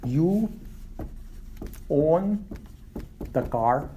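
A man teaching an Arabic class, repeating words slowly for his students. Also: a little high, animated, dark tone, a little hiss or hum. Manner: slow, repeats words for learners.

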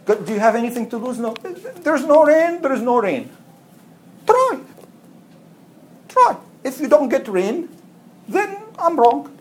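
A woman's voice: high voice, very animated, measured pace, long pauses, slight background noise, voice pushed up. A woman voicing a scheming man who talks people into worshipping idols with coaxing promises. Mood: insistent. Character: scheming man, smooth-talking false priest.

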